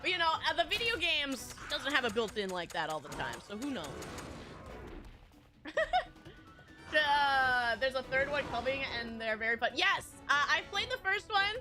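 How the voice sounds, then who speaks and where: A woman's voice: high-pitched, big pitch swings, normal speed, pushed and bright, faint music behind. A woman game streamer chatting casually with viewers, rambling with lots of restarts and little laughs.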